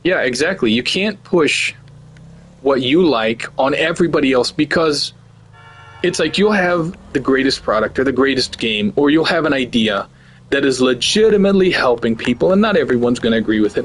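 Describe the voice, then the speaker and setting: A man's voice: medium pitch, animated, a little fast. A man in his forties giving a blunt, profane, heated rant as the host of a gaming channel. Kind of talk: ranting commentary over gameplay.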